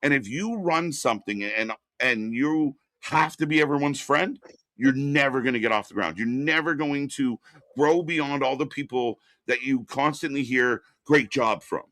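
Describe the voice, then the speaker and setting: A man talks wrestling in a blunt, profane rant at a medium pitch. His voice sits close and dry on the mic with no room sound. He fires off opinion after opinion in a loose, casual chat. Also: moderate pace, a bit bright, no echo. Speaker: wrestling commentary host.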